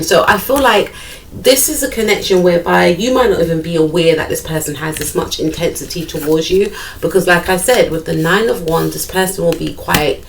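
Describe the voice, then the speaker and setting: A woman's voice: lowish voice, distant mic, a little hiss or hum, low-quality recording. A woman giving a chatty tarot card reading, thinking aloud and repeating her phrases. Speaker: tarot reader.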